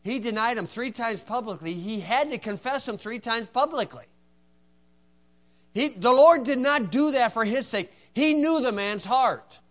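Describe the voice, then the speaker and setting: A man preaching a folksy sermon, acting out dialogue and swinging from hushed tones to loud, forceful lines. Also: extremely high pitch, expressive, measured pace.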